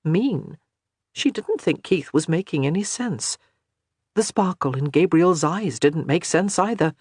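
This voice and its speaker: Brief: woman narrator, expressive storytelling, lively pitch, dry close-miked sound. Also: unhurried, husky, no room sound. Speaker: audiobook narrator. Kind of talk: scripted audiobook narration.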